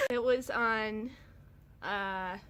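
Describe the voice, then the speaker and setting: A woman in her twenties with a medium-pitched voice reads her old comics aloud to her cat. She chats casually, her manner deadpan and wry.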